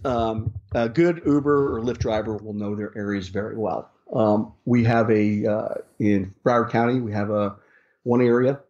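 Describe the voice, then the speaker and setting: With a lowish, steady and slightly mellow voice at a moderate pace, a rideshare driver tells casual stories in an interview. He rambles, restarting often and using lots of fillers, on a dull lo-fi recording.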